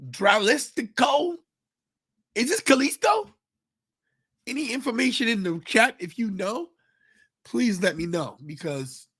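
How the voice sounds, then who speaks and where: A man's voice: high-pitched, a bit bright, slightly rough. A tired man, a father, hosting a casual live wrestling stream, rambling and greeting viewers in the chat. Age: adult with kids. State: tired, yawning. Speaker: podcast host.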